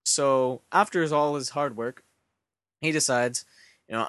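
A man hosting a podcast, telling a comic story in a deadpan way with rambling asides. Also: mid-range voice, a little slow, no echo. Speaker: podcast host.

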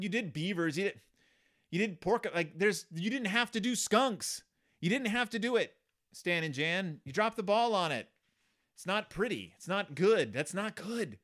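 Rambling, lively-voiced male podcast host. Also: high-pitched. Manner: rambling, sarcastic, lots of fillers and restarts. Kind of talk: comedic book commentary.

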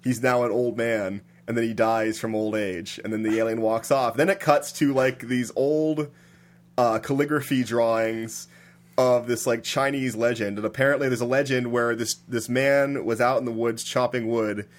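Animated man retelling a film. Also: medium pitch, moderate pace. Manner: animated storyteller, many "like"s, laughing at absurdity. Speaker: podcast co-host recapping a film. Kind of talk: casual chat.

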